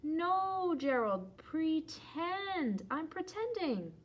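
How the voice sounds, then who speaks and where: Cheerful reassuring storybook pig, voiced by a woman; bright high voice. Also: extremely slow, full character voice. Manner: calm, patient, reassuring. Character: cheerful playful female pig. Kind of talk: children's storybook read-aloud.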